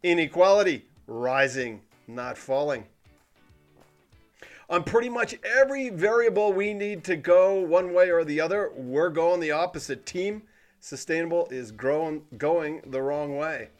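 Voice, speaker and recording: A man's voice: a little high, a little slow, faint music behind. Sardonic man hosting a commentary show. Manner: sarcastic, self-professed cynic, animated emphasis. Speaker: podcast host.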